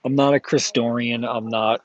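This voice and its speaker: A man's voice: mid-range voice, steady tone, moderate pace, lo-fi sound. A man streaming from his flea market stall, chatting casually in a rambling way, with many fillers and self-corrections. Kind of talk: casual live-stream chat.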